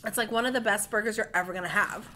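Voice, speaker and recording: A woman's voice: medium pitch, rapid-fire, sharp tone, a little hiss or hum. A woman co-hosting a casual mukbang vlog, gushing about the food and talking to viewers with lots of "like". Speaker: vlog co-host.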